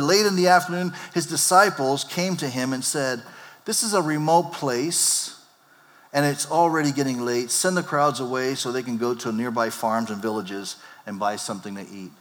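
A male pastor preaching a sermon, animated and acting out the disciples' lines in character voices. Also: mid-range voice, moderate pace. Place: church sanctuary. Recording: long hall reverb.

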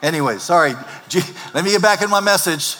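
A bright, forceful male voice preaching from the pulpit, slightly high for a man. He animates the story and slips into character voices for the disciples. The sound rings with the long reverb of a church sanctuary. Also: fast talker, a little hiss or hum. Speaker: pastor. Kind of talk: sermon.

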